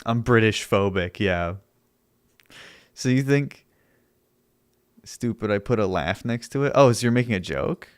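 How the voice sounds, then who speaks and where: A man's voice: on the low side, animated, unhurried, long pauses, smooth, dry recording, studio quality. A young man streaming, arguing with his chat in a sarcastic, argumentative way and laughing often. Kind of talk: casual livestream chat.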